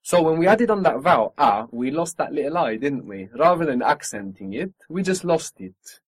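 A man's voice: on the high side, very animated, normal speed, slightly rough, no echo. A man teaching a spoken language lesson, patiently modelling pronunciation and encouraging his student.

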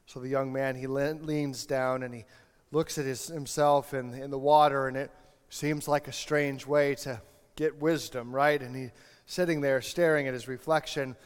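A man's voice: medium pitch, fairly even intonation, moderate pace, clear, resonant tone. A male pastor preaching a sermon, telling a story and building to impassioned appeals. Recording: long hall reverb, faint music.

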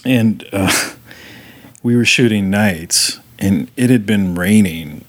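Low-voiced male filmmaker, laid-back conversational delivery. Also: slow. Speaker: filmmaker guest. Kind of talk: casual conversation.

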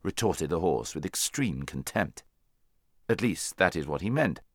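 Male narrator, very deep voice, expressive and measured, dry studio sound. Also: husky, no room sound. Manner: measured, storytelling. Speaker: audiobook narrator. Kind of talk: scripted narration.

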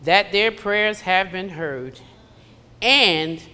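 A woman's voice: fairly low pitch, animated, very slow, bright, forceful tone, clear, resonant tone. A woman preaching a conversational sermon in a church, slipping into acted asides. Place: church sanctuary. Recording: long hall reverb.

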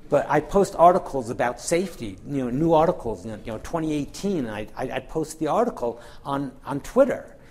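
A man's voice: fairly high pitch, big pitch swings, brisk, few pauses, a little mellow. A middle-aged man, a physician and researcher, giving a lecture in a candid, wry storytelling manner with many fillers and restarts. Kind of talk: lecture to an audience.

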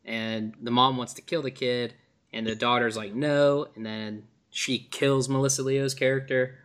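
A man's voice: mid-range voice, level tone, moderate pace, fairly bright tone, no room sound. A man co-hosting a podcast in casual chat about a movie, mostly giving short agreeing replies, laughing often and filling in plot details. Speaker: podcast co-host.

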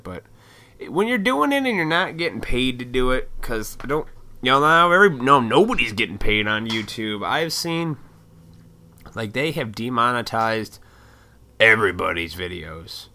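A young YouTuber and toy collector talks solo into a desk mic in a small, hot home room crammed with electronics. His voice is low but bright and forceful, and he rambles casually, swearing often and piling on fillers as he drifts between thoughts.

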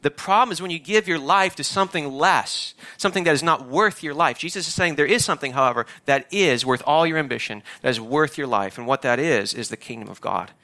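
A man's voice: fairly high pitch, animated, fairly quick, few pauses, sharp tone. A man, a pastor giving a conversational, emphatic sermon that repeats its key phrases.

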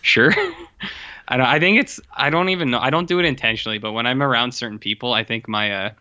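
Albertan man, tired podcast co-host, rambly and self-deprecating; bright tone, dull lo-fi recording. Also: mid-range voice, big pitch swings, a little fast. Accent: Albertan Canadian. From Canada. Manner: rambling, self-mocking, lots of fillers. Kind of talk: casual chat. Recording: dull lo-fi audio.

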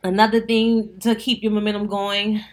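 A woman with a New Orleans accent, a wedding planner hosting a casual solo podcast, chatting straight to her listeners in an animated, down-to-earth way. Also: medium pitch, normal speed.

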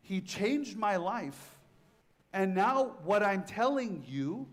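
A man's voice: high-pitched, expressive, slow pace. A middle-aged man, a priest, giving a conversational sermon and telling stories with shifting emphasis. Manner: conversational, storytelling with varied emphasis.

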